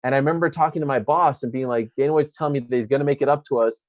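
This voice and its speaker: A man's voice: mid-range voice, racing, no room sound, dull audio. A man interviewing a guest, telling a long story in casual chat and acting out what people said. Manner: animated storyteller acting out quotes.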